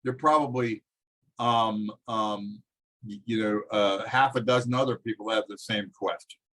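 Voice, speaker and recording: A middle-aged man teaching a college class over a video call, talking in halting bursts with many fillers and restarts. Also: lowish voice, a bit bright, low-quality recording. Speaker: college instructor. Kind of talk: online class lecture.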